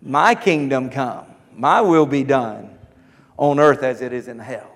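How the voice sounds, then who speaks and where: A gloating male Satan, slow and sneering, as a preacher puts him on mid-sermon. The voice sinks well beneath the speaker's usual very high register and trails off into a long, echoing hall reverb. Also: a bit bright.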